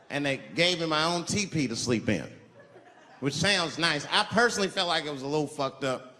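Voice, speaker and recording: Lively male stand-up comic in big hall. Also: moderate pace. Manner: animated storytelling, jumps into shrill put-on voices. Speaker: stand-up comedian. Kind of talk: stand-up comedy set. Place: large theater stage. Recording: hall reverb, crowd laughter noise.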